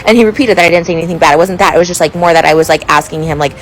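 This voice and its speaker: A woman's voice: fairly low pitch, racing, slight background noise, poor audio. Upset woman ranting on her phone. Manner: rambling, filler-heavy, breaking off mid-sentence. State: upset, close to tears. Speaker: social media influencer. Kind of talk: emotional selfie video rant.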